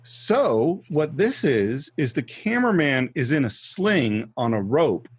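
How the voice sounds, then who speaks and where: A man's voice: medium pitch, big pitch swings, takes it slowly, slightly rough, no room sound. A man co-hosting a film podcast, talking through movie scenes and behind-the-scenes trivia in a casual chat.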